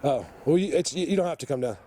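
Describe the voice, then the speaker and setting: A man hosting an outdoor vlog, rambling excitedly with many fillers as he walks through a mountain forest. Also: a little high, fast talker, a little hiss or hum. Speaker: vlog host exploring the outdoors. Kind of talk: casual walking vlog commentary.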